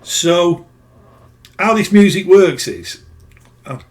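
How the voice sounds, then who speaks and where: A man's voice: high voice, lively intonation, slow pace. Plain-spoken man telling a story. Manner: rambling, plain-spoken, self-correcting. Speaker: spiritual healer. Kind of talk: casual storytelling monologue.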